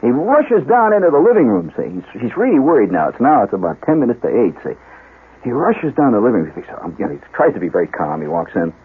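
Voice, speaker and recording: A man's voice: fairly low pitch, big pitch swings, fast talker, husky. A man hosting a radio show, telling a long comic story in a rambling, digressive way with asides. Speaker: radio host. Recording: narrow, lo-fi 1970s radio broadcast.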